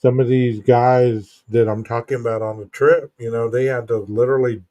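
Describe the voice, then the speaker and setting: Man telling animated stories. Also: medium pitch, moderate pace, dull audio. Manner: animated storytelling, acts out quoted lines. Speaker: podcast co-host. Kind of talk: casual chat.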